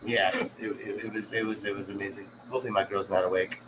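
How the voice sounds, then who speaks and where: A man's voice: fairly low pitch, little pitch movement, quick pace, background noise. A man in casual podcast chat, telling rambling, crude stories with fillers and laughs. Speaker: podcast co-host.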